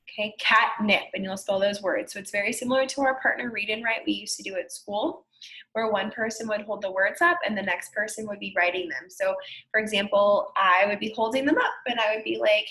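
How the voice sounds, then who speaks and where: Young adult woman, elementary teacher, remote lesson; patient, encouraging, sounds out words slowly for kids. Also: medium pitch, bright, forceful tone, low-quality recording.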